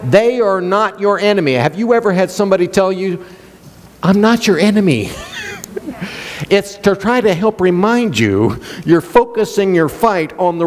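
A man's voice: high-pitched, long reverb tail. A male pastor preaching a sermon, questioning the congregation and joking with them. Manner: playful, jokes and laughs.

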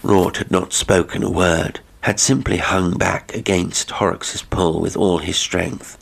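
Deep, gravelly male horror narrator. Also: level tone. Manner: measured, dramatic storytelling. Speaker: audiobook narrator. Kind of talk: scripted narration of a horror story.

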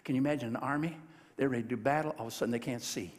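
A man's voice: mid-range voice, rapid-fire, big-room sound. A man preaching a sermon, telling a Bible story in a folksy, joking way and acting out the voices. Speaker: pastor. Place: large church sanctuary.

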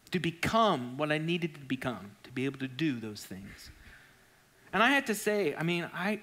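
A pastor in his forties delivers a sermon in church, with a forceful, slightly high voice. He keeps asking whether the listeners follow him, and he tells stories with animation. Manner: keeps asking the crowd "right?" and "you follow me?"; animated storytelling.

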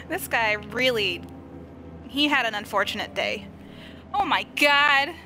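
A woman's voice: fairly high pitch, expressive, measured pace, long pauses, over music. A woman streaming a horror game live from her couch at home, easily startled, giggly and chatty with viewers and her dog, close to the microphone. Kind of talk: live gameplay commentary.

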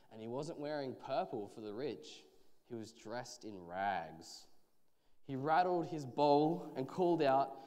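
Animated man telling a children's Bible story. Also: medium pitch. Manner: expressive, drawn-out phrasing. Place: church stage. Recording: church hall reverb.

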